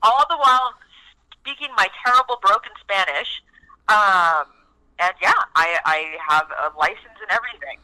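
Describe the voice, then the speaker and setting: A woman with a very bright, forceful voice talks in a loose, casual interview. She swears freely and peppers every thought with "like". Her rambling speech is full of restarts. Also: mid-range voice, moderate pace, rough recording. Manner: chatty, swears freely, heavy use of "like". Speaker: guest actress.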